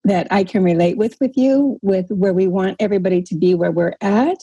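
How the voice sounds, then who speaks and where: A woman's voice: mid-range voice, fairly quick, dark tone, breathy edge, no room sound, highs cut off. A woman leading a group call, coaching in an encouraging, casual way and often checking in with "right?". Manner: encouraging, tags points with "right?". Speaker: workshop leader on a group call. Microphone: call audio.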